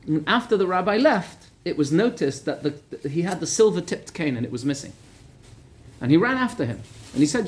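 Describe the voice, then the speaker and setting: A man, a rabbi, telling a story in a lively Torah lesson, repeating words for emphasis. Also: fairly high pitch, fairly quick, slight background noise. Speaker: rabbi teaching a weekly class.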